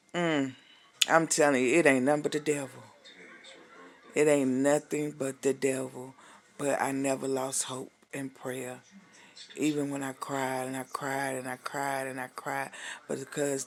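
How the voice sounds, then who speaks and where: A woman's voice: low-pitched, a bit bright. A woman minister giving an emotional spoken testimony, fervent and preachy, calling the listener honey and holding back tears. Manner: calls the listener "honey", exclaims hallelujah.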